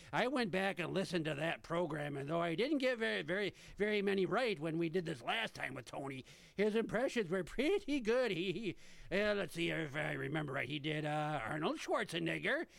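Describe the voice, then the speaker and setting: High gravelly male radio host. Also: a bit bright, no room sound. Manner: chatty, stammering restarts, laughs easily. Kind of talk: casual radio chat with a caller.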